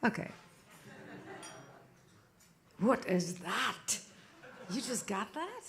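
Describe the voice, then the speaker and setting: A woman's voice: mid-range voice, very animated, slow, fairly bright tone. A woman, a cabaret singer telling stories on a small club stage in a playful, theatrical way, teasing the audience into a stage microphone. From Germany. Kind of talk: onstage storytelling between songs.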